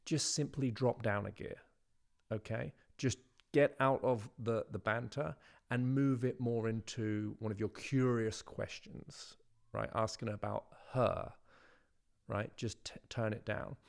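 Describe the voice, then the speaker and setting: A middle-aged man talks to camera as a dating coach, relaxed and conversational. He tags nearly every point with "right?" and drops into a slower, deliberate delivery when he demonstrates a line. His pitch sits in an ordinary middle range for a man. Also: vocal fry. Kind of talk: instructional talk to camera.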